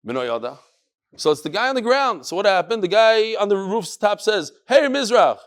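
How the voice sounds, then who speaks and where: Male Talmud teacher, yeshivish English, high voice, acts out the lines as he teaches. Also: fairly quick, clean tone. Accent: yeshivish English with Hebrew and Yiddish terms. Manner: animated, acts out dialogue in raised voices. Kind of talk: Daf Yomi Talmud class.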